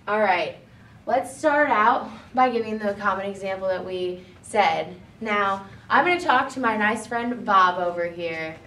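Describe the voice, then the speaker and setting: A young woman giving a classroom presentation, demonstrating by swinging between upbeat and deliberately somber delivery. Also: mid-range voice, a bit bright, a little hiss or hum. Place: classroom with a blackboard. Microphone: far camera. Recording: echoey classroom from far off.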